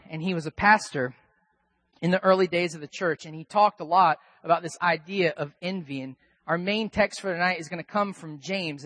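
Guy pastor preaching, chatty and animated, goes quiet then punches it loud, dry close mic. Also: sits high, no room sound. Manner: animated and conversational, swinging between soft asides and loud emphatic bursts. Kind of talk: sermon.

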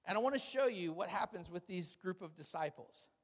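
Pastor guy preaching, high voice, funny animated storytelling, long echo like a big hall. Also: a little fast. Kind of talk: sermon.

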